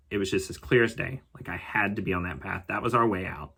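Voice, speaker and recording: A man calmly telling a personal story as a podcast host, reflective and unhurried. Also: sits low, vocal fry, breathy edge. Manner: calm, reflective storytelling with occasional laughs.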